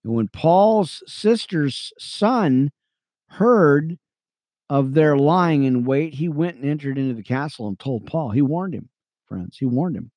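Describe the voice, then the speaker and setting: A man teaching the Bible on radio, reading verses aloud between excited, chatty asides to his listeners. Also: a little high, takes it slowly, no room sound. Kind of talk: reading scripture with commentary.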